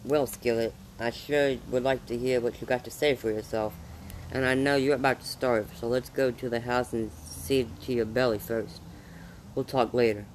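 A man's voice: medium pitch, fairly even intonation, moderate pace, slight background noise, natural voice, poor audio. A man voicing a kind, practical frontier father who talks plainly and welcomingly.

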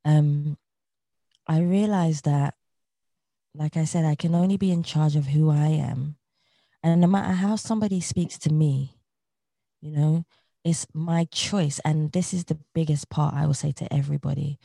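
Dark, gravelly woman giving earnest advice. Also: low-pitched, moderate pace, dry recording. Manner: earnest, motivational, repeats key phrases. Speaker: interview guest. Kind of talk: reflective interview talk.

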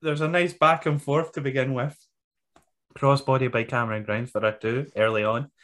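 A man's voice: medium pitch, fairly even intonation, normal speed, a bit bright. A man co-hosting a podcast, recapping wrestling in blunt, sweary casual chat and laughing often.

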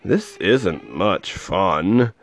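A man voicing a gentle, faithful storybook elephant. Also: medium pitch, expressive, unhurried. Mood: patient. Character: gentle faithful male elephant, patient and kind.

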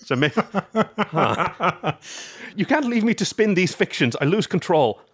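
Playful man with a higher voice. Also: sing-song, takes it slowly, breathy edge, dry recording, studio quality. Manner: playful, spins jokey tangents. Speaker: podcast co-host. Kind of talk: casual chat.

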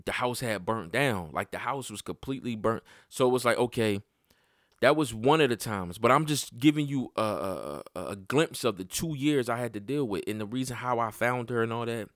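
A man hosting a podcast, telling a personal story in casual, profane talk that climbs sharply in pitch when he gets worked up. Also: normal speed, no room sound, clean studio sound. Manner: animated and profane, voice jumping up when heated. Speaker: podcast host.

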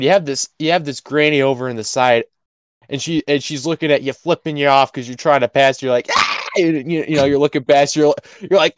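In a voice on the high side, a young man co-hosting a podcast shares a story in laid-back chat, animatedly acting out the people in it. There's no echo on the recording.

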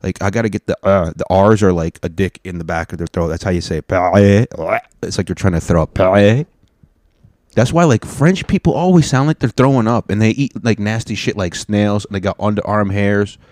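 A comedian talking casually to camera, rambling and joking with plenty of swearing. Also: male voice, on the low side, brisk, hardly any pauses, darkish tone, no echo, clean studio sound. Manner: profane, rambling, jokey.

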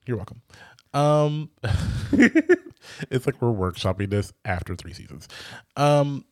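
A man's voice: mid-range voice, wildly swooping pitch, slow pace, a little mellow, dry recording, studio quality. A man co-hosting a podcast in casual chat, rambling and chatty, with the odd swear word. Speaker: podcast co-host.

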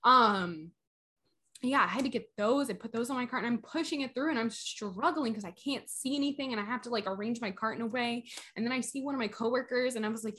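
A woman's voice: fairly high pitch, a little fast, pushed and bright. Tipsy young woman telling stories. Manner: rambling storyteller, laughs often. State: a little tipsy. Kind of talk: casual chat.

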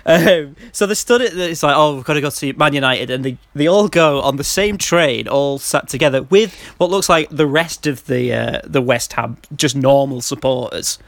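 A man's voice: mid-range voice, normal speed, vocal fry, few pauses, no room sound. Laughing Mancunian man, dry close sound. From Manchester. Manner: laughing, rambling, mocking. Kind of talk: casual film review chat.

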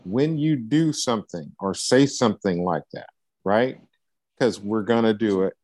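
A man's voice: lowish voice, unhurried, darkish tone, no room sound. A man coaching a client, encouraging and preacher-like, often checking in with "right?". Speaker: life coach. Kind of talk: coaching session interview.

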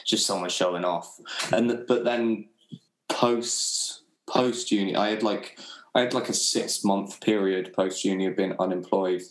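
A man's voice: low-pitched, roomy sound, poor audio. A young man from England chatting casually as a podcast guest, laid-back, swearing freely and laughing often. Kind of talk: casual chat.

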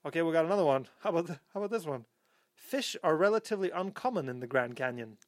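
Fast-talking deadpan man, dry close sound. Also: a little high, no room sound. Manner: rambling, deadpan, self-correcting. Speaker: podcast co-host. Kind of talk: casual chat.

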